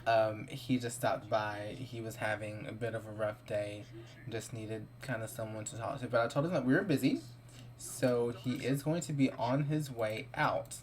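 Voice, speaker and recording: A man voicing Ken, a smooth cheating boyfriend. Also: mid-range voice, steady tone, normal speed, slight background noise, natural voice. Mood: smooth, dismissive. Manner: coaxing, scheming. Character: smooth-talking cheating male game character.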